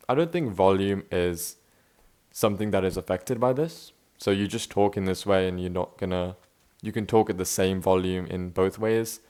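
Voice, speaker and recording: Unscripted and casual, this vlog features a young man with a somewhat low, clean-toned voice. He reflects on things in a laid-back way, talks loosely with lots of restarts, and repeatedly says "bro" and "man."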